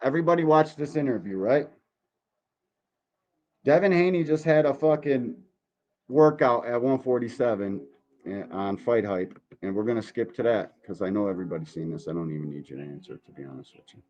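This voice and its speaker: A man's voice: mid-range voice, lively intonation, brisk, a little mellow, highs cut off. Man ranting profanely on a boxing stream. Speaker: podcast host reacting to boxing videos. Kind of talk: casual live-stream commentary.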